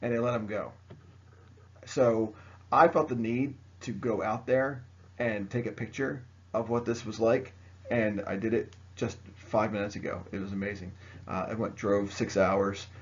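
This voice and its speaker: A man's voice: on the low side, darkish tone, muffled recording. A man teaching a history lesson by video, chatty and joking, speaking straight to his students. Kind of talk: recorded video lecture.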